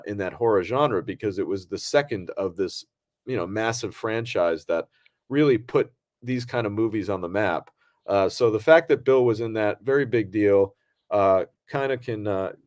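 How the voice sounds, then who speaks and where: A man's voice: lowish voice, no echo, clean studio sound. A man co-hosting a podcast, talking casually in a rambling way with many fillers and restarts. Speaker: podcast co-host.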